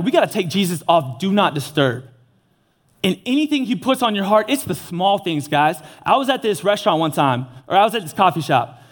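A young man giving an earnest, casual sermon, mixing slang into his preaching. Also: high voice. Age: young adult.

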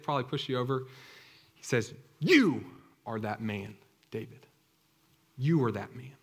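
A man preaching a sermon who retells a scripture story in a conversational, animated way. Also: mid-range voice.

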